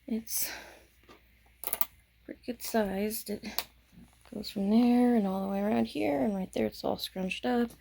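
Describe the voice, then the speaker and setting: Tired, gravelly-voiced crafting woman. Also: mid-range voice, unhurried, long pauses, dark tone. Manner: rambling, self-interrupting, chatty. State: tired late at night. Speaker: craft vlogger. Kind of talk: casual chat to camera.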